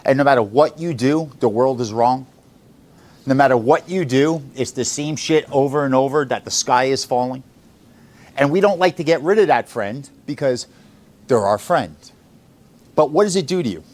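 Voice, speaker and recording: A man's voice: mid-range voice, moderate pace, darkish tone. A man running a sales office gives a motivational talk to his staff in an office room. He is blunt and swears freely, and he keeps firing questions at the room. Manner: blunt and profane, quizzing the room.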